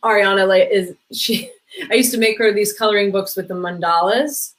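A woman's voice: medium pitch, normal speed, rough recording. A middle-aged woman talking casually as a guest about parenting, chatty, with many "like" fillers, briefly acting out the people she quotes. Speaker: podcast guest, parenting coach. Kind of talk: casual conversation.

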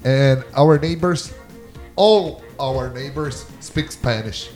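A Brazilian man, a teacher whose first language is Portuguese, speaks English with a Brazilian Portuguese accent, pausing often as he searches for words in casual chat. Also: medium pitch, a little mellow, soft background music.

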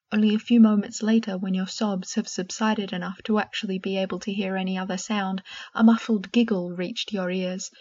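A woman with a husky voice narrating a second-person fan-fiction story in a soft, gentle way. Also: medium pitch, dull audio.

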